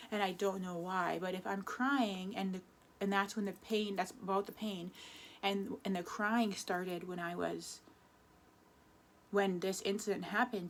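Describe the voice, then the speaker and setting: A woman's voice: mid-range voice, gravelly, a little hiss or hum. A woman in her twenties talking through a personal confessional vlog, rambling and correcting herself as she goes. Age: 20s. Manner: rambling, self-correcting, emotional. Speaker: vlogger.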